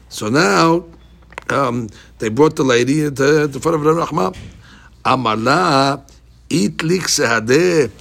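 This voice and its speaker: Gravelly, husky man teaching Talmud. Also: medium pitch. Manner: reads Aramaic slowly, explains in animated English. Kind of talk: Talmud class, reading and explaining.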